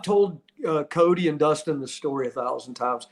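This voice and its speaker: A man's voice: fairly high pitch, moderate pace, few pauses. A man in his fifties, a podcast host and former wrestler, telling stories in casual chat with frequent laughs. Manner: animated storyteller, laughs often.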